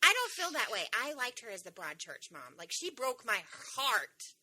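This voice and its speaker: Woman podcast co-host, very bright voice, animated storyteller, swears casually. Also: a little high, normal speed, low-quality recording. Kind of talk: casual chat.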